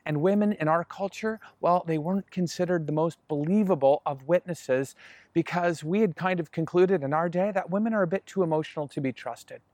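Earnest male disciple, talking to the crowd, slightly high voice, dry sound, as a man acts it. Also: brisk, a little mellow, no echo, lightly acted. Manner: conversational, earnest, addresses listeners directly. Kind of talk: first-person dramatic monologue to an audience.

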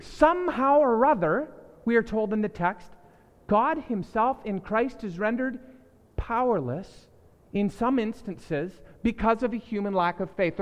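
High-voiced preacher in an echoing hall. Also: male voice, lo-fi sound. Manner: emphatic, repeats key phrases, swings between loud and hushed. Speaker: pastor. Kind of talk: sermon.

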